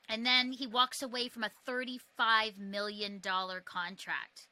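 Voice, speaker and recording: Bright, lively woman host. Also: a little high, a little slow, hardly any pauses, no room sound. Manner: lively storyteller, laughs easily. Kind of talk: casual chat.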